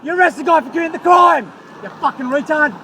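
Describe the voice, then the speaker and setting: Irate, high-voiced Australian man arguing. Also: animated, fast talker, bright, forceful tone, slight background noise. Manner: irate, argumentative, swears heavily. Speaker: motorist stopped by police. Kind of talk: heated roadside argument. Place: outdoors by a road.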